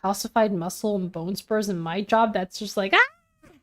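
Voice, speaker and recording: A woman's voice: mid-range voice, fairly even intonation, moderate pace, darkish tone. A woman chatting casually and teasing while reacting to a story being read aloud. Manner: playful, teasing interjections. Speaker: co-host reacting to a story reading. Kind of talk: casual chat.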